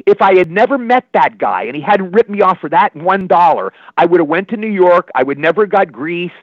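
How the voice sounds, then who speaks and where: An older actor from Maryland, USA, is an interview guest telling anecdotes in an animated, rambling, digressive way, repeating himself. His voice is high and quick. The lo-fi recording is dry and dull.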